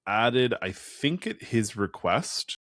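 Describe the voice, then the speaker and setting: A man's voice: medium pitch, sing-song, slow pace, fairly bright tone, dry recording, studio quality. A man who grew up near Boston, co-hosting a podcast in casual chat, talking with plenty of fillers and laughing often. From New England, near Boston. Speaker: podcast co-host.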